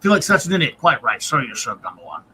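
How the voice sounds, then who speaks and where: A man's voice: mid-range voice, sing-song, fast talker, sharp tone, slight background noise. A man hosting a casual live-stream review, reading out viewer comments and grades and chuckling often. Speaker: podcast host.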